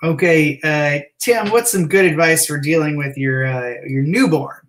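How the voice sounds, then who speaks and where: A man runs an improv game over a video call. He sums up each answer quickly before moving to the next player. His voice is a little high. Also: a bit bright.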